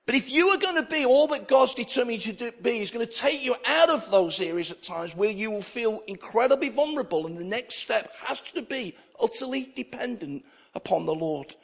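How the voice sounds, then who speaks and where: With a very high, husky voice that is animated, brisk and fairly bright with vocal fry, a middle-aged male pastor preaches. He tells stories, acting out their dialogue, and repeats key phrases for emphasis.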